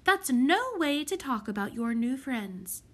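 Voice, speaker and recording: A woman voicing a bossy, clever young orphan girl who gives firm orders in a lively, high voice. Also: unhurried, full character voice.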